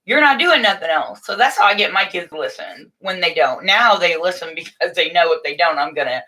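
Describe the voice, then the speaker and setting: A middle-aged woman hosting a casual morning livestream, chatting warmly and motherly with viewers from a room at home, with frequent restarts. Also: lowish voice, a little fast. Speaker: livestream host. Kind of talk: casual live chat to viewers.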